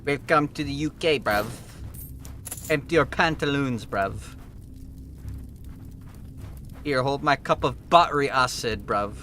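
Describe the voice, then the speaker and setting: A man's voice: takes it slowly, long pauses, sharp tone, a little hiss or hum. A man putting on a brash, cheeky caricature of a British bloke with an exaggerated British accent. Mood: mocking. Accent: put-on British. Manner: exaggerated caricature, high-pitched.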